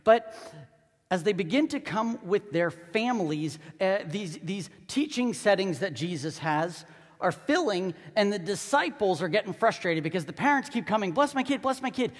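A man preaching a sermon as pastor, swinging between hushed asides and loud, fervent stretches. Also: high-pitched, expressive, normal speed. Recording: long reverb of a large hall.

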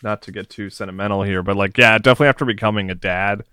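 A young father co-hosting a podcast, wry, his pitch jumping up when he gets exasperated. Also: steady tone, rapid-fire, sharp tone, clean tone, dry recording, studio quality. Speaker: podcast co-host. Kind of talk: casual podcast chat.

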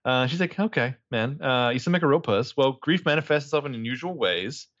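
A man's voice: mid-range voice, expressive, fairly quick, a bit bright, no room sound, dull audio. A man casually recapping a TV episode as a podcast co-host, animatedly acting out the characters' lines with plenty of swearing. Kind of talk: casual chat.

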